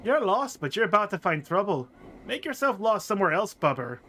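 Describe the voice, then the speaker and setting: A man voicing a sneering young tailed street girl who talks in rough, curt slang. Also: sits high, very animated, fairly quick, a bit bright, a little hiss or hum, pitched above the performer's own voice. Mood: surly.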